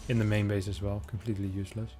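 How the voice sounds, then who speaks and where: Male esports caster with a lowish voice, casual and joking, quick reactions, soft music underneath. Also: flat delivery. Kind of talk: casual game commentary.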